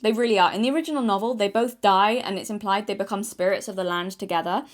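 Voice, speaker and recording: A woman's voice: medium pitch, quick pace. A woman from Yorkshire with a mild English accent, giving an opinionated video essay in a blunt style with casual asides. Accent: mild English, no strong Yorkshire accent. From Yorkshire, England. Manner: opinionated, blunt, sometimes swears.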